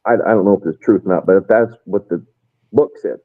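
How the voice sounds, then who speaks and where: A man's voice: low-pitched, fast. American man, military storyteller, rambling, phone-like tinny sound. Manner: rambling storyteller, acts out quoted soldiers. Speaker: retired first sergeant guest. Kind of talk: casual war stories.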